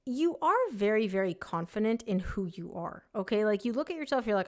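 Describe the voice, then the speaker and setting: A woman's voice: mid-range voice, expressive, fairly quick, few pauses. A woman giving a casual tarot reading, talking emphatically and often voicing her listener's thoughts. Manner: chatty, emphatic, voices the client's thoughts. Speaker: tarot reader.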